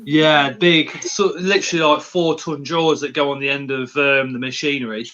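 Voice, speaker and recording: A man's voice: fairly high pitch, fairly even intonation, normal speed, fairly bright tone, highs cut off. A man hosting a live stream, chatting casually and rambling with lots of fillers. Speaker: livestream host.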